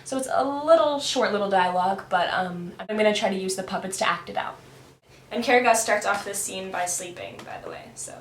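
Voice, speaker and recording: A woman's voice: mid-range voice, a little fast, a little hiss or hum. A young woman student explaining her puppet work in a chatty, thinking-aloud way, recorded on a camera mic at home. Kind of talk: casual explanatory video. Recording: roomy echoing room.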